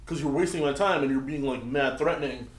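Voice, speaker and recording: A young man co-hosting a podcast, telling stories in a casual chat, swearing a lot and acting out heated quotes loudly. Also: mid-range voice, brisk, roomy sound, background noise. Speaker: podcast co-host.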